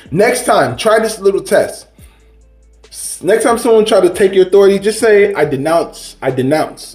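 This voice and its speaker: High-voiced man preaching casually in an echoey room. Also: a little mellow. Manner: rambling, preachy, with restarts and slang. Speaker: spiritual vlogger. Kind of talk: casual monologue to camera.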